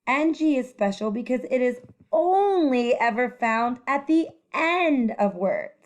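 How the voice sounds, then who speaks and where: A woman teacher giving a children's phonics lesson, speaking clearly and encouragingly as she models letter sounds. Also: high voice, lively intonation, measured pace.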